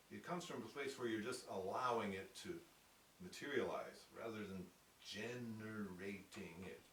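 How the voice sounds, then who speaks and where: A man teaching piano technique in a lecture, speaking thoughtfully and acting out short quotes to make his points. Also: medium pitch. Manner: thoughtful, demonstrates with acted-out quotes. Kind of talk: lecture presentation. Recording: roomy sound from a distance with piano.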